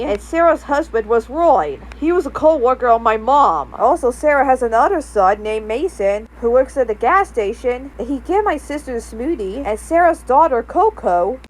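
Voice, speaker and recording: A woman narrating a homemade family story in long, rambling run-on sentences. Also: high voice.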